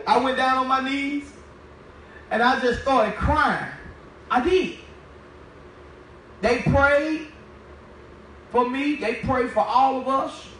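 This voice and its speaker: A man giving a spoken testimony as a minister, telling his story in a lively way and acting out the dialogue. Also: very high voice, slow, long pauses, a little hiss or hum. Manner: animated storytelling, acts out dialogue. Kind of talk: testimony sermon. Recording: very echoey, distant from the mic.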